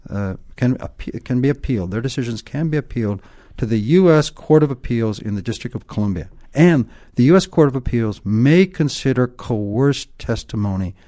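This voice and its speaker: A man's voice: medium pitch, lively intonation, moderate pace, dark tone. A man explaining points emphatically in an interview, lecturing and often tagging points with "okay?". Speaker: guest expert.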